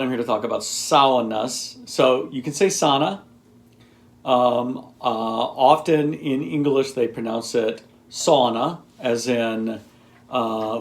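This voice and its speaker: A man's voice: medium pitch, creaky. A man talking casually to camera, rambling and explaining in a teacherly way with lots of ums and asides. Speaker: video blogger.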